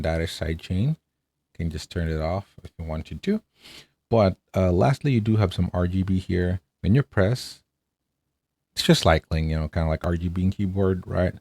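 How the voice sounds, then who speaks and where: A man's voice: deep voice, darkish tone. A man casually reviewing an audio mixer, chatty and upbeat, often checking in with "right?". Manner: chatty, enthusiastic, fillers and rhetorical "right?". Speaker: tech reviewer.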